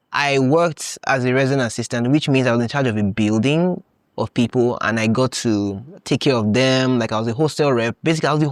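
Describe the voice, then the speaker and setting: A young man from Nigeria hosting a podcast, telling stories in a casual, animated way, laughing often and acting out his own past thoughts. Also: mid-range voice, no echo, studio quality. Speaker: podcast host. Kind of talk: casual storytelling monologue.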